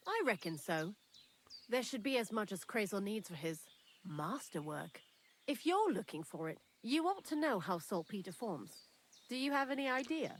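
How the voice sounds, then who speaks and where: A woman with a natural, medium-pitched, sing-song voice speaks at normal speed, with a little hiss or hum on the recording. She's voicing a chatty young woman holed up in a thieves' lair in a video game, frank and darkly dry.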